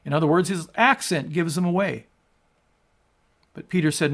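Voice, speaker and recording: A male pastor giving a sermon and reading scripture, emphatic and rising to loud peaks on quoted lines. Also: fairly high pitch, moderate pace, long pauses. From United States.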